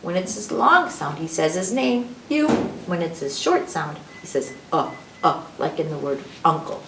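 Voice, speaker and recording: Reading an alphabet book to children at library storytime, a woman with a lowish, gravelly voice teaches phonics in a playful, sing-song way, adding sound effects as she acts out letters. She speaks at normal speed with big pitch swings, recorded from a distance in an echoey room with a noisy background.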